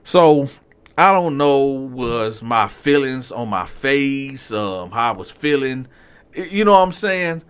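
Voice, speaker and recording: A man casually telling his own story to viewers in slangy talk, swinging from low asides to loud outbursts. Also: animated, slow pace, clear, resonant tone.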